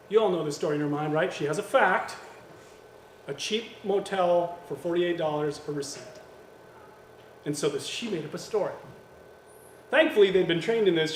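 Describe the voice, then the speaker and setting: A man preaching a sermon, lively and acting out quoted voices, with gentle humor. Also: sits high, a little hiss or hum. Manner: animated, acts out quoted voices with jokes. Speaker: pastor. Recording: echoey church hall with faint ambience.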